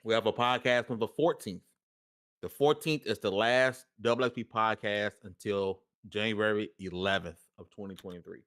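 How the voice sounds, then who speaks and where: A man's voice: fairly low pitch, fairly even intonation, moderate pace, fairly bright tone. A man hosting a gaming podcast, talking in loose, slangy banter and hyping up his chat. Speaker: podcast host.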